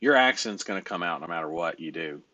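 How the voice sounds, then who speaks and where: A man's voice: deep voice, lively intonation, fast talker, sharp tone, no room sound, lo-fi sound. A man coaching a trainee in sales over a call, blunt and emphatic, rambling through his points.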